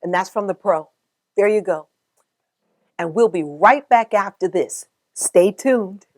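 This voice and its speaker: A woman hosting a web talk show, lively and encouraging, laughing often with her guests. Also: medium pitch, unhurried. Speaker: host. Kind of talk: upbeat cooking and interview show.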